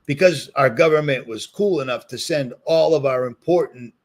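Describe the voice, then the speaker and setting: A man's voice: medium pitch, normal speed. A man with a Boston accent, ranting heatedly in a solo commentary video and repeating his points for emphasis. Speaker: commentary vlogger.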